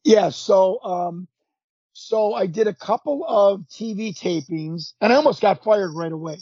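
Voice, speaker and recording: A man in his fifties, a podcast guest, telling stories in an animated way, acting out quotes and often restarting his sentences. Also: high voice, measured pace, no room sound. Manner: animated storyteller, acts out quotes, frequent restarts. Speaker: podcast guest, former pro wrestler. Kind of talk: casual storytelling interview. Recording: dull lo-fi sound.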